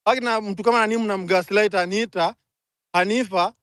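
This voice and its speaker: Angry fast-talking Kenyan man. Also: sits high, fairly even intonation, fairly bright tone, no echo. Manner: angry, rapid code-switching rant. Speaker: speaker in a live audio room. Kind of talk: impassioned live chat.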